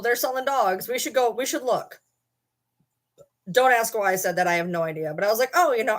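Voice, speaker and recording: Her voice medium in pitch and a bit bright, a channel host vlogs from her home in a loose, chatty way. She wanders from topic to topic, drops casual swear words, and breaks off mid-sentence to address her dogs.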